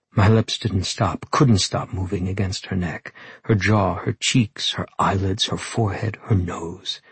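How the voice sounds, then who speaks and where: Audiobook narrator, male, low-voiced, husky, intimate first-person reading. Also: dry recording.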